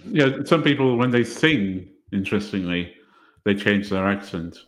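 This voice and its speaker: A man talking as a podcast guest, relaxed and modest, pausing on soft "um"s. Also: fairly low pitch. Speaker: podcast guest, language website creator. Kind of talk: casual interview conversation.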